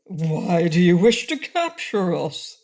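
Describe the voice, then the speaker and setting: A woman's voice: fairly low pitch, sing-song, takes it slowly, darkish tone, full character voice. A woman voicing a proud male frogman in an audiobook, haughty and scornful. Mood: puzzled. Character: indignant frogman, proud adult male traveler. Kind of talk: audiobook reading.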